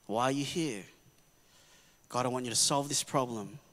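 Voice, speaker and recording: A pastor giving a sermon in an earnest, conversational way, often checking in with the congregation. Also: male voice, medium pitch, normal speed, a bit bright. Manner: earnest, conversational preaching with frequent "right?" asides. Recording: long reverb of a church hall.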